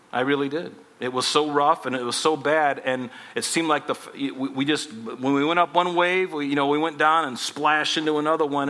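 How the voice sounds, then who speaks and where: Guy preaching a sermon, chatty, reads scripture out loud, bright voice, long echo like a big church. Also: a little high. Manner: conversational, reads scripture aloud. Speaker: pastor. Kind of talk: expository sermon.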